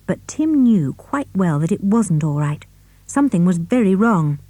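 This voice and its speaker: A woman narrates a children's story with expressive, animated delivery. Her voice is low and mellow. The recording is dry and close. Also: normal speed, no room sound. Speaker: audiobook reader.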